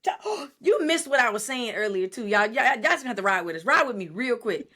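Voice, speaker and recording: Animated, swearing woman podcast host. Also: fairly high pitch, fairly quick. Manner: animated, profane storytelling with acted quotes. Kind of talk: casual chat.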